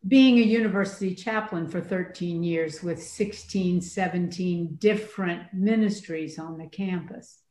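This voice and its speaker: An older woman from Atlanta, a priest and former university chaplain, telling stories in a reflective, conversational way. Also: on the low side. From Atlanta, USA. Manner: storytelling, animated with laughs. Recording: roomy echo.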